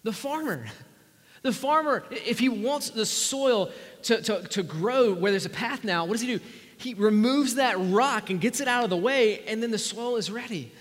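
High-voiced man preaching in a reverberant hall. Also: normal speed. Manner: earnest, conversational preaching that drops to near whispers. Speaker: pastor. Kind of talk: sermon. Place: church sanctuary. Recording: long church-hall reverb.

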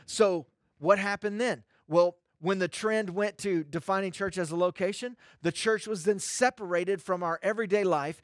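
A man's voice: sits high, no room sound, clean studio sound. A male pastor preaching a sermon, emphatic and repeating phrases for stress.

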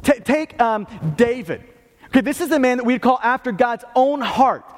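High-voiced male preacher in echoing hall. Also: moderate pace. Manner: emphatic, repeats and restarts words, asks "okay" and "right". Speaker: pastor. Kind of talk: sermon. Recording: long hall reverb.

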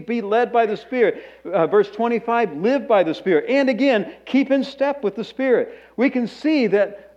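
High-voiced man preaching a casual sermon. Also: darkish tone, dull audio. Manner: conversational preaching with frequent restarts and asides. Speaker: pastor.

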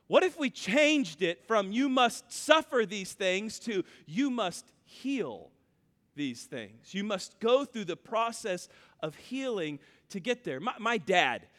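A man preaching a sermon as pastor, telling a story with animated, acted-out quotes. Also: high-pitched. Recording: reverberant hall.

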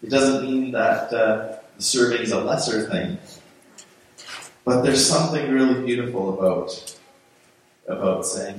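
A man's voice: medium pitch, measured pace, long pauses, a little hiss or hum. A man preaching a sermon as pastor in a church, speaking conversationally with frequent restarts and repeated words. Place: church sanctuary. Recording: very echoey room, voice from far off.

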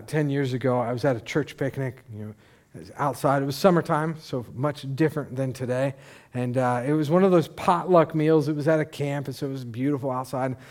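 A middle-aged male pastor delivering a sermon with a slightly raised pitch. He talks conversationally and tells stories with lively asides. He often restarts his sentences. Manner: conversational, animated storytelling with asides. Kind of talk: sermon with storytelling.

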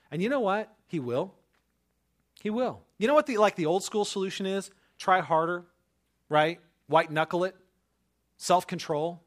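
A man's voice: sits high, fairly bright tone. A man in his thirties, a pastor, telling a personal story in a casual way and then preaching with emphatic, building conviction.

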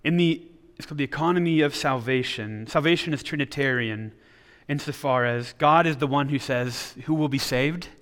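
A man's voice: medium pitch, normal speed, a bit bright, big-room sound. A man preaching a sermon in an earnest way, often restarting his words as he explains. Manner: earnest, with frequent repeated restarts. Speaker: pastor.

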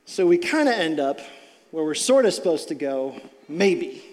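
Animated high-voiced male pastor. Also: moderate pace, big-room sound. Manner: animated storytelling, casual filler words. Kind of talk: sermon.

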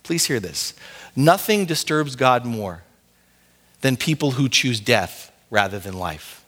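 A male pastor delivering an impassioned sermon, speaking straight to his congregation and swinging between quiet gravity and rising urgency. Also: a little high. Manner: impassioned preaching, rising and falling intensity; direct address to congregation as "beloved".

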